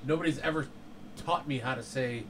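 A man co-hosting a podcast, chatting in a mid-pitched everyday voice. He gets fired up and rambles, with a faint hum of room noise behind him. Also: a little fast. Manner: excitable, rambling, trailing off mid-thought. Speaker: podcast co-host. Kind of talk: casual chat.

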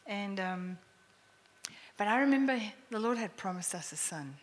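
A middle-aged woman sharing a personal testimony, animated and often laughing, sometimes dropping to a hushed near-whisper. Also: medium pitch, moderate pace. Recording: echoey hall with faint noise.

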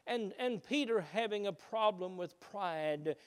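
A man preaching a sermon, shifting between loud emphatic peaks and hushed low passages. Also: expressive, unhurried, clear, resonant tone. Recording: reverberant hall.

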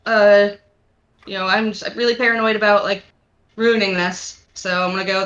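A woman's voice: medium pitch, little pitch movement, moderate pace, a bit bright. A woman playing a tabletop game, chatty and a bit unsure, swearing casually. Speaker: player.

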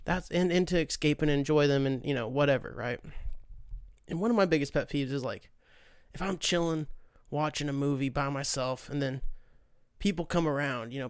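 Gravelly, profane young man ranting. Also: a little high, no echo, studio quality. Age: late 20s. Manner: profane, sarcastic, animated mock voices. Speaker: podcast host. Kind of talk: casual rant.

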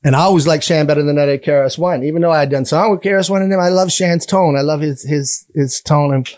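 A man telling animated stories in a casual interview. He acts out other people's voices, laughs often and swears freely. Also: a little high, fast, no echo. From Canada. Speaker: guest musician.

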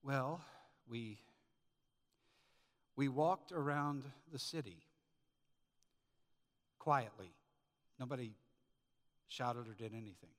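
A worn-out ancient soldier mutters quietly and flatly about his day of marching, as a preacher puts him on. The voice drops low and soft, with a long echo ringing through the church hall. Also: takes it slowly, long pauses. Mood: weary.

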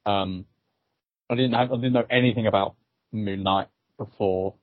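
A man's voice: lowish voice, normal speed, dry recording, narrow, tinny audio. A man co-hosting a podcast, chatting casually and a bit hesitantly with frequent ums. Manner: relaxed, hesitant with many ums. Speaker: podcast co-host. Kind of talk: casual chat.

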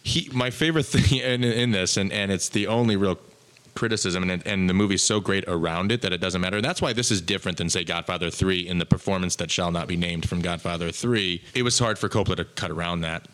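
A man argues for a film he loves in a playful mock trial. His voice sits a little low and he stumbles over his words as he hurries to make his point. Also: fast talker, fairly bright tone. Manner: enthusiastic, restarts often, laughs easily. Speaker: movie podcast co-host. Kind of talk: casual mock-courtroom film debate.

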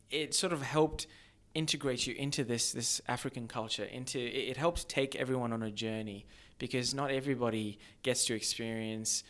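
A man talking about film in a casual podcast chat, animated and rambling, often restarting his sentences. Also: medium pitch.

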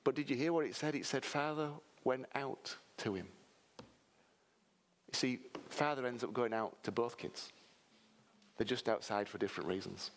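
A man preaching a sermon, telling a story lively while directing a volunteer. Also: mid-range voice, brisk, slight background noise. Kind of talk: sermon with live re-enactment.

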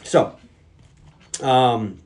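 A man casually retelling a film plot on a podcast, animated, slipping into character voices and swearing freely. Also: mid-range voice, extremely slow. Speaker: podcast co-host recapping a movie. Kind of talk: casual chat.

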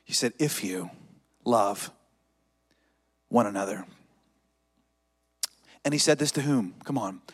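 A man's voice: on the low side, animated, slow pace, long pauses, husky, big-room sound. A man pastor preaching a sermon, dynamic and leading the congregation in call-and-response.

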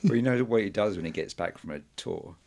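Very deep, gravelly, husky man. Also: fast, a little mellow. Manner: dry, understated remarks. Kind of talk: casual chat.

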